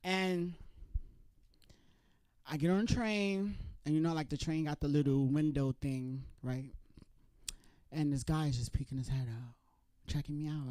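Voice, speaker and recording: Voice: medium pitch, unhurried, pauses often, dark tone, no room sound. Open mic comic with a New York accent, chatty, slips into character voices, dry close-miked sound. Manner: chatty, acts out other people's voices. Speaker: stand-up comedian. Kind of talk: stand-up set at an open mic. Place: comedy club stage.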